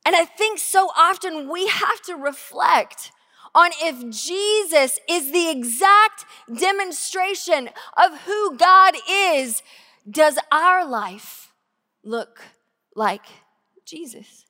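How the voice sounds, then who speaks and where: A woman pastor giving a sermon, earnest and conversational, slowing down to stress key phrases. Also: very high voice, animated, bright, forceful tone, big-room sound. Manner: earnest, conversational preaching with slow emphatic phrases. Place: church sanctuary.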